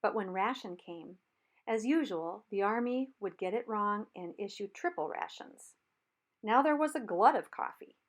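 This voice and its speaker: Woman, audiobook narrator, steady measured reading, mid-pitched voice.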